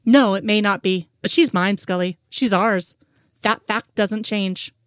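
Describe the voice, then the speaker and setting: Woman narrator reading Mulder as a steady, earnest man; close, dry sound. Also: mid-range voice, a little slow, dry recording, lightly acted. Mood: insistent. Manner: earnest and insistent. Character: devoted, determined man.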